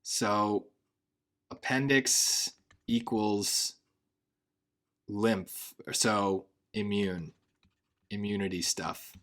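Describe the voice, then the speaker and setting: A man tutoring for a test, reading passages quickly and then musing half to himself as he works through the answer choices. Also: fairly low pitch, steady tone, a bit bright. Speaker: SAT tutor. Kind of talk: thinking aloud while solving test questions.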